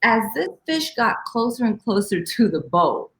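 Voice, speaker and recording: A woman speaking as an interview guest, telling a personal story in an animated, emotional way and acting out exclamations. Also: on the high side, normal speed. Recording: roomy echo.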